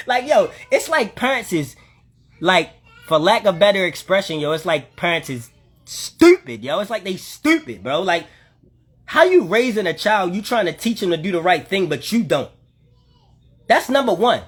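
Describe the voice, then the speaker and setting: Ведущий прямого эфира, мужчина, горячо и напористо комментирует, постоянно обращаясь к зрителям. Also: male voice, sits high, brisk, breathy edge. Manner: animated, emphatic ranting with repeated asides to the listener. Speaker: livestream host. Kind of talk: heated commentary to live viewers.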